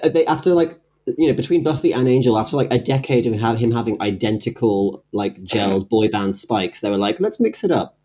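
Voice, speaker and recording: Husky, wry podcast panelist. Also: medium pitch, steady tone, warm tone. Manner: quick, wry, laughs between phrases. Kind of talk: casual chat.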